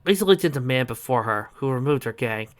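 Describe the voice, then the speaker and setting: A man's voice: mid-range voice, expressive, a little fast. A man narrating a story dramatically and expressively, adding asides to listeners. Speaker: audiobook reader.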